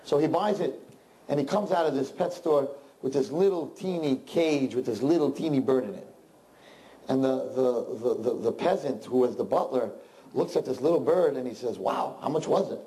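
A man telling a long folk joke to a group, animated, with chatty asides. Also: medium pitch, moderate pace, poor audio. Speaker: storyteller.

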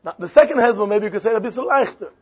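Male Talmud teacher, Yiddish-inflected accent, husky high voice, animated sing-song reasoning, muffled lo-fi audio. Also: very fast. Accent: Yiddish-inflected English. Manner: animated, repetitive, sing-song argument with frequent questions. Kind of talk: Talmudic lesson.

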